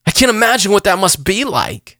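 A man in his forties preaches with earnest intensity, circling back on phrases and pressing his questions. His voice sits a little high and rings with a tense, forceful brightness. The sound is dry and close. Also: sing-song, a little fast, no echo. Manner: earnest, repeats himself, rising emphasis on questions. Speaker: pastor. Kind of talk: impassioned sermon.

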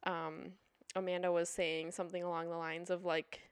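A woman's voice: lowish voice, little pitch movement, moderate pace, smooth, no echo, clean studio sound. A woman co-hosting a faith podcast, chatting casually in a playful, rambling, jokey way. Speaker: podcast co-host. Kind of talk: casual chat.

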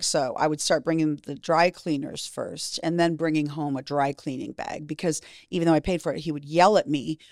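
Frank, lowish-voiced middle-aged woman. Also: no room sound, studio quality. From Canada. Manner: frank, profane, acts out quoted voices. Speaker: interview guest. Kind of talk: candid storytelling.

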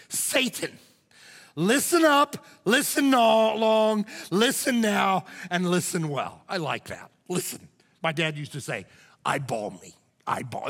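A male pastor delivering a sermon, swinging between loud shouts and hushed asides. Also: high voice, big-room sound. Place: church sanctuary.

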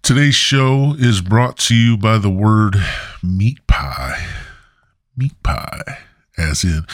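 A man's voice: on the low side, lively intonation, takes it slowly, no room sound, studio quality. A man hosting his own podcast, rambling and joking crudely with many restarts. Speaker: podcast host. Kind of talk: rambling solo podcast monologue.

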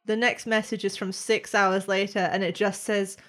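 A woman narrating as game master of a tabletop game, chatty and expressive. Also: medium pitch, normal speed.

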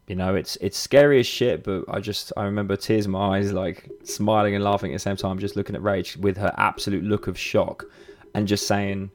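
A man's voice: lowish voice, flat delivery, fairly quick. A man in his thirties, hosting a podcast, tells a personal story in a candid, casual way, with swearing, fillers and restarts. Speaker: podcast host.

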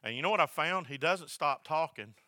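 A male pastor preaching a sermon, swinging from loud, repeated emphasis down to a soft hush. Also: on the high side, expressive, fairly quick, no echo. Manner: builds to loud emphatic repetition, then drops to a soft hush.

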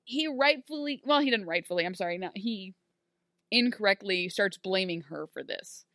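A woman co-hosting a casual podcast, recapping a TV episode and acting out the characters' lines in quick animated bursts. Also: medium pitch, dry recording, studio quality. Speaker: podcast co-host. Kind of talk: casual recap chat about a TV show.

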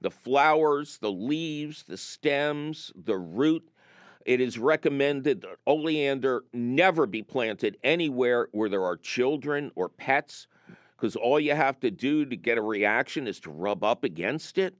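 A man's voice: medium pitch, measured pace, no room sound. A man hosting a call-in gardening radio show from a studio, joking and telling stories with energy. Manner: jokey, animated storyteller. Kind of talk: lively call-in radio talk. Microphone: studio mic.

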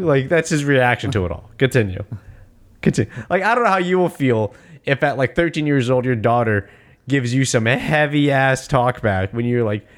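A man's voice: mid-range voice, lively intonation, normal speed. A man co-hosting a casual movie talk, swearing freely and acting out characters' lines in exaggerated voices.

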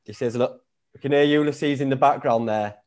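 A man's voice: mid-range voice, normal speed, darkish tone. A man hosting a podcast, bantering casually over a video call. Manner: banterous, joking, swears casually. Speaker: podcast host.

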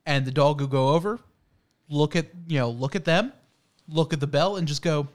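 Man, podcast co-host, animated storyteller, slightly high voice. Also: moderate pace. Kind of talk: casual chat.

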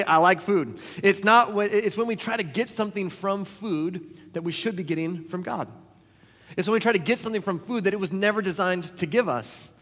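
A man preaching a sermon as pastor, talking in a conversational, animated way and acting out the people in his stories. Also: high-pitched, in a large hall. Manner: conversational, animated storytelling with quoted voices.

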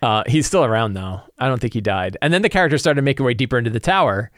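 Game-master type man, animated casual recap, medium pitch, dry close mic. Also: racing, no room sound. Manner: animated retelling with many fillers. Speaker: game master and tabletop gaming creator. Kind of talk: casual session recap and prep talk.

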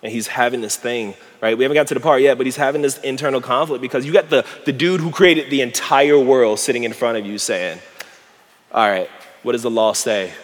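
A man preaching a casual, slangy sermon, animated and laughing often as he retells a Bible passage. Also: mid-range voice, a little fast. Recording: hall reverb.

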